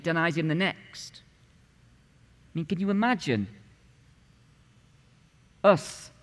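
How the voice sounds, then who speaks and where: Man in his forties preaching in a reverberant church. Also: a little high. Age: 40s. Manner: punchy, conversational preaching with rhetorical questions. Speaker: pastor. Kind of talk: sermon. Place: church sanctuary.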